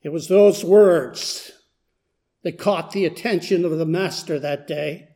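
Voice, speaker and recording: A high-voiced man tells a story in the first person, as a poor blind beggar. His delivery is earnest and unhurried, and it steadily gathers intensity. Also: warm tone. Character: blind beggar man, humble then desperate. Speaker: dramatic storyteller. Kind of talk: first-person dramatic monologue.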